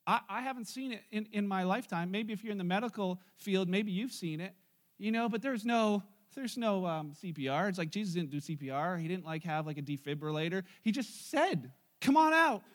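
High-voiced pastor telling a story casually. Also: male voice, a little fast. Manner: casual, joking storytelling to a congregation. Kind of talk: sermon. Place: church.

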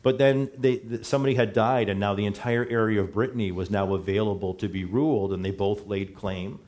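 A middle-aged man gives a sermon in a church sanctuary. His voice sits slightly low, and his delivery is casual and conversational. He often stops to correct his own wording. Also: steady tone, brisk, darkish tone. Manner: conversational, self-correcting, chuckles at slips. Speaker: pastor.

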